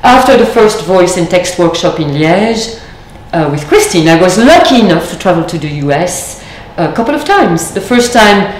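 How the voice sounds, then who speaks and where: A woman speaks slowly and thoughtfully, giving a reflective lecture. Her voice sits a little low, and it rings in a reverberant lecture room with faint background noise. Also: big pitch swings. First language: French. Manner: measured, thoughtful, with deliberate pauses.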